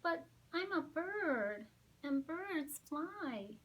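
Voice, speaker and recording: A woman's voice: sits high, big pitch swings, very slow, fairly bright tone, voice pushed up, exaggerated voice, poor audio. A woman voicing a timid, worried young female penguin chick in a children's storybook reading. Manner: hesitant, worried.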